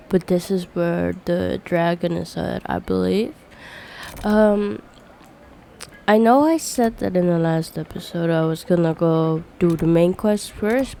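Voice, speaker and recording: Gravelly woman getting over a cold. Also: on the low side, a little mellow, slight background noise. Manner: slow, mumbling to herself. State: recovering from a bad cold. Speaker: gamer. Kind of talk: let's play commentary.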